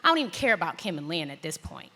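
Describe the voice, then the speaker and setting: A middle-aged woman telling a personal story on stage in a large hall, acting out the voices with big jumps in pitch. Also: very animated, fast talker, bright, forceful tone, slight background noise. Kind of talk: live storytelling performance.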